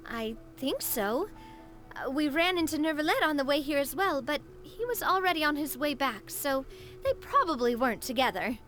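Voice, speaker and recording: Soft background music plays beneath a high, somewhat bright woman's voice with big pitch swings, delivered at normal speed. She plays a cheerful, sociable young woman in a video game who is bubbly, friendly, and calls others "partner."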